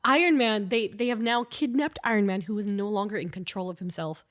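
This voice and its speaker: A woman's voice: medium pitch, fairly quick, a bit bright. A woman co-hosting a podcast in casual chat, her voice stuffy and nasal, telling a story with animation and frequent laughs. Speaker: podcast co-host.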